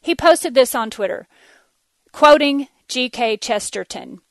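Texan woman host, chatty solo talk, fairly high voice, dry close sound. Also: lively intonation, slow, pauses often, no room sound. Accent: Texas. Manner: chatty, laughs often, many fillers. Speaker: podcast host. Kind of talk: casual monologue.

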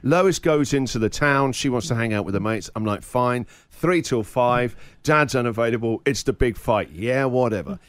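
A man's voice: mid-range voice, moderate pace, few pauses, clean tone, dry recording. A man in his forties, a radio host, telling an exasperated comic story and acting out the quotes. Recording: radio studio.

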